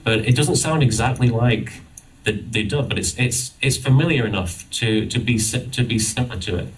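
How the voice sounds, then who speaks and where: A man speaking as a guest on a convention panel, talking casually with frequent restarts and stumbles. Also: medium pitch. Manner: halting, many restarts. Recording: distant audience-camera recording.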